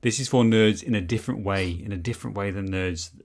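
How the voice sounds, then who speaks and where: A man co-hosting a casual film podcast, defending his view with excited, stumbling restarts. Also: lowish voice, quick pace. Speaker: podcast co-host. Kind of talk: casual chat.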